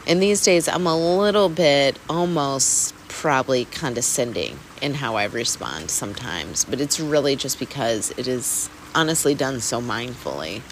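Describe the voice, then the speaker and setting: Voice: mid-range voice, a little slow, a little hiss or hum, low-quality recording. A person hosting a weekly mindfulness talk, speaking candidly and casually, laughing and swearing now and then. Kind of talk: casual reflective self-help talk. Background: rain.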